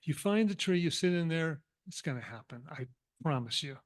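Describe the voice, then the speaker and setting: A man voicing a wise rat who gives slow, reassuring advice in a sermon story. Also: fairly high pitch, animated, close to an everyday voice.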